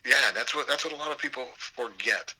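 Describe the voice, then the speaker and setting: An older man, a theater professor, telling anecdotes in an interview with an animated, storytelling manner. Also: medium pitch, brisk, husky, low-quality recording. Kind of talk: storytelling interview over a call.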